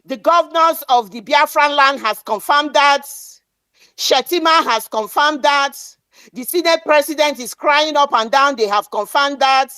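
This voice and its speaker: A woman's voice: high-pitched, a little slow, sharp tone, no room sound. A woman giving an impassioned political speech, defiant and declamatory, repeating lines for emphasis. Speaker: speaker at an online activist meeting.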